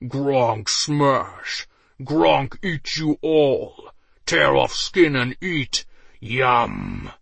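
A man's voice: medium pitch, very animated, extremely slow, creaky, a bit bright, slightly rough, dry recording, voice pushed up, exaggerated voice. A man voicing a hulking green male ogre who bellows in broken caveman grammar. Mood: brutish.

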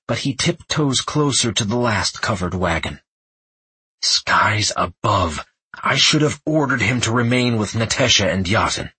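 A man narrating a fantasy audiobook in the first person, tense and measured. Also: low voice, bright, forceful tone, breathy edge, no room sound, low-quality recording.

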